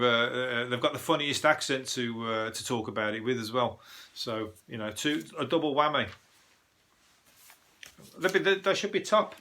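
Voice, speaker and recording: A male comedian rambling through a news-review podcast with lots of swearing and frequent chuckles. His voice is bright and forceful, set at a mid pitch for a man. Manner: profane, rambling, chuckles often. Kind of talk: casual comedic news monologue.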